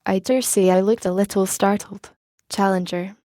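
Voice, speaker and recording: A woman narrating an audiobook in a warm, mellow voice. Her delivery is measured and even, recorded close and dry with no room sound. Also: mid-range voice, dry recording.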